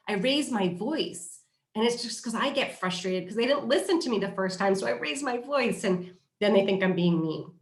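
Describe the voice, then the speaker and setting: A woman hosting a parenting workshop, talking in a lively way and acting out what parents and children say. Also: fairly high pitch, roomy sound.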